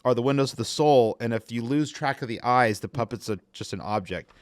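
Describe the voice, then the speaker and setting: A man's voice: medium pitch, a little fast. A man co-hosting a casual chat about kids ministry, talking in an enthusiastic, conversational way. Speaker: podcast co-host, kids ministry leader.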